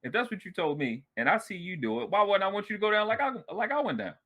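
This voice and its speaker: A man arguing on a panel, animated, sarcastic and profane. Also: high-pitched, quick pace. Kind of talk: heated panel discussion.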